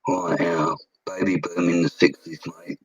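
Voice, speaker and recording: A man's voice: deep voice, flat delivery, measured pace, slightly rough, no room sound, muffled recording. A man of forty with a London accent, telling stories about his bricklaying work in a casual, blunt way. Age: 40s. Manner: chatty and blunt, with slang and mild swearing. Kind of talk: casual storytelling livestream.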